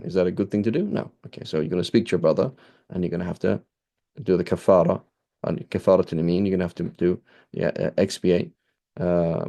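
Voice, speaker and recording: A teacher gives an informal scripture lesson in a conversational way, frequently restarting and checking in with his listeners while quoting Arabic phrases. His voice is low-pitched and mellow, with vocal fry.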